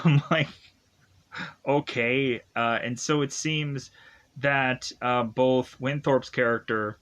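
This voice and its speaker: A man casually recapping a movie plot, halting often and chuckling as he goes. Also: medium pitch, fairly bright tone. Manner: halting, filler-heavy, chuckling. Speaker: film reviewer.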